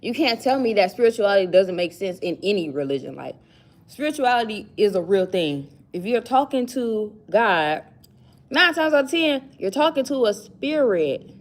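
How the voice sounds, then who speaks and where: In a sing-song, mid-range voice at a moderate pace, a young woman chats casually to camera from her job. Her vlog meanders as she muses aloud, moving freely from one idea to another.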